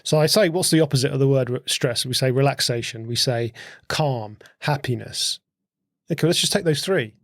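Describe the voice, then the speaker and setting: Gravelly-voiced man explaining casually. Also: medium pitch, moderate pace, a bit bright, dry recording, clean studio sound. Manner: repeats and restarts words, asks questions. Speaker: podcast co-host.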